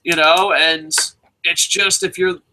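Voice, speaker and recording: Casting: brash man, bright tense voice, profane heated rant, fairly high pitch. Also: level tone, takes it slowly, a little hiss or hum. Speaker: wrestling news show co-host. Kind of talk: profane ranting chat.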